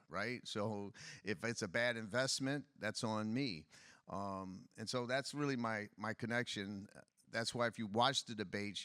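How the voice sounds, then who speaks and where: A man's voice: lowish voice, bright, forceful tone, no echo, clean studio sound. A middle-aged man from Detroit, a political candidate telling his story bluntly in a fireside chat. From Detroit, USA.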